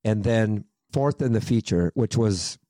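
A man from Minnesota, a sprint car driver guesting on a podcast, telling animated stories in casual chat and swearing freely. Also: lowish voice, a little slow, no room sound. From Minnesota, USA. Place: studio.

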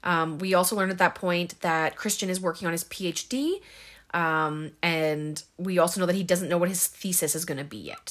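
A woman's voice: lowish voice, a bit bright. A young woman casually retelling a film plot, full of ums and likes, briefly acting out the characters' lines. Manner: chatty, many ums and likes, acts out quotes. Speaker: movie recap host. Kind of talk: casual spoken film recap.

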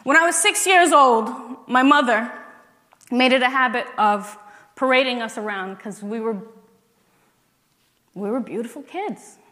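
An earnest woman shares her faith testimony slowly, with a fairly high voice. Her words build to emphatic declarations. A long reverb trails behind her, as in a large hall. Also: bright, forceful tone. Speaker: speaker giving a testimony.

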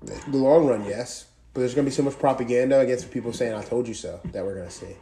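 A man's voice: mid-range voice, quick pace, vocal fry, roomy sound. A man telling a rambling, profane story in casual chat with a friend. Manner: profane, animated storyteller, voice rising as he laughs.

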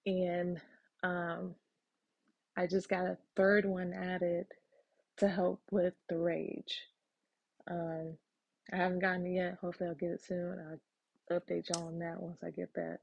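Husky-voiced woman chatting frankly. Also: fairly low pitch, little pitch movement, a little slow, long pauses, a little mellow, no room sound, lo-fi sound. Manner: candid and frank, frequent ums, casual swearing. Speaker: podcast host. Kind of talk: casual solo podcast chat.

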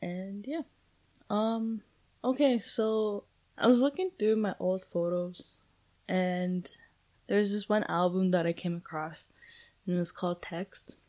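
A woman's voice: mid-range voice, slow pace, dark tone. A young adult woman hosting a casual solo podcast, rambling and chatty with lots of fillers and casual swearing. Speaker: podcast host.

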